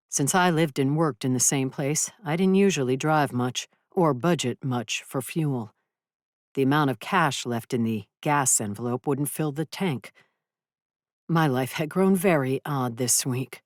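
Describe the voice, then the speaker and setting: A woman's voice: rumbling low, no room sound, clean studio sound. A woman narrating a first-person audiobook, who acts out furious dialogue with rising intensity. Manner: dramatic, voices furious dialogue with raised intensity.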